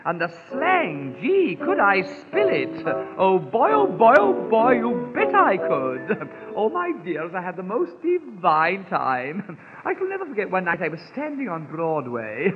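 A man's voice: high-pitched, wildly swooping pitch, a little slow, heavily acted. A man playing a gushing, affected English society lady on a 1930s comic patter record, drawling and giggling. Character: gushing posh English society lady back from New York. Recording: scratchy 1930s record, tinny and echoey, faint music.

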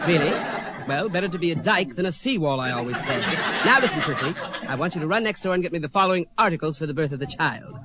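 Brief: a man playing an imperious, drawling belle, high and theatrical, for a camp parody. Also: animated, fast talker, very noisy, close to an everyday voice. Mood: arch. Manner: campy, arch, drawling. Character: haughty Southern belle, a film-star impression. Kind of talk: stage comedy impression.

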